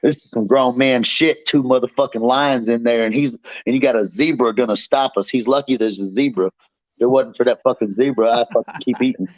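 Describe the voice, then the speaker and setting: A bare knuckle fighter appears as a guest on a show and trash-talks his opponent, boastful, fired up and swearing nonstop in brash, profane fashion. His voice is medium-pitched and fairly quick. The recording is dry, slightly dull and has no echo.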